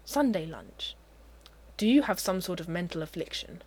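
A woman voicing an easygoing young man who teases and gets flustered, his lines pitched a little higher than her narration. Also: lively intonation, normal speed, a little mellow, breathy edge. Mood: wry.

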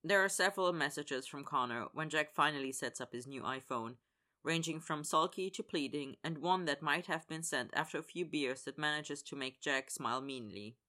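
Storyteller with a bright, sharp tone who voices the characters' lines. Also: medium pitch. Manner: acts out characters' lines in dialogue. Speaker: narrator. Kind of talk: fan fiction audiobook reading.

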